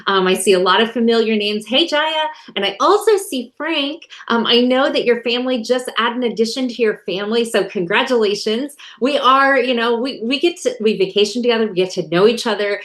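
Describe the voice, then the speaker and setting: A woman's voice: on the high side, a little fast, hardly any pauses, a bit bright. A woman hosting an online training over a video call, upbeat and chatty, greeting viewers by name. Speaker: webinar host. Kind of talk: casual online welcome.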